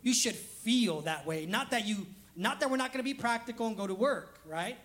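High-voiced man preaching a lively sermon. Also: normal speed. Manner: conversational, acts out quoted voices, laughs at himself. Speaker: pastor. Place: church sanctuary.

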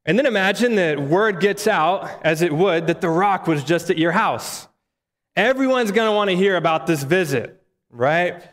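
A man's voice: high voice, animated, moderate pace, a bit bright. Conversational male preacher in a reverberant hall. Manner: conversational, with rhetorical questions. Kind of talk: sermon.

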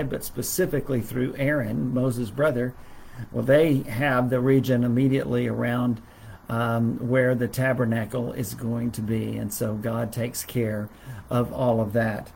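Halting, mid-pitched man teaching a Bible lesson. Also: fairly even intonation, vocal fry, a little mellow, a little hiss or hum. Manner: halting, many fillers and restarts. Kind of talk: livestreamed Bible class.

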